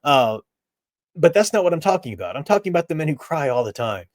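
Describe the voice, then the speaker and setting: A man's voice: on the high side, big pitch swings, fast, no room sound, studio quality. Blunt opinionated middle-aged man. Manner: blunt, opinionated, laughs at his own remarks. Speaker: live stream host. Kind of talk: casual opinionated chat.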